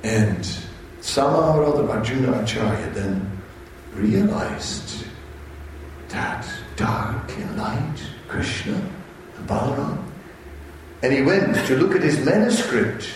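Slow-spoken man telling a story in an echoey room. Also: mid-range voice, expressive, distant mic, a little hiss or hum. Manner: halting, unhurried storyteller who briefly voices quoted characters. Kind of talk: storytelling religious talk.

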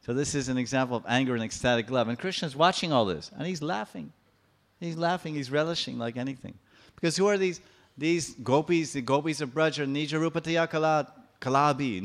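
A man giving a sermon, explaining scripture and acting out the stories in a lively manner. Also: mid-range voice. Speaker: preacher. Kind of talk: sermon with storytelling.

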